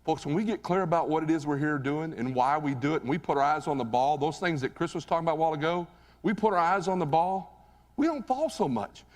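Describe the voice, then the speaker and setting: Male keynote speaker, slightly high voice, chatty and animated, recorded live in a reverberant hall. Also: quick pace. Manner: animated, conversational, asks the audience questions. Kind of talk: live motivational speech with storytelling. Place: stage in a large hall.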